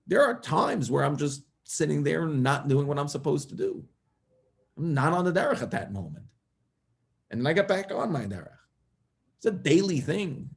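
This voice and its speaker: A man speaking as a guest rabbi, telling a story in a lively way that builds to a raised, passionate voice. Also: on the high side, vocal fry. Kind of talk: storytelling talk.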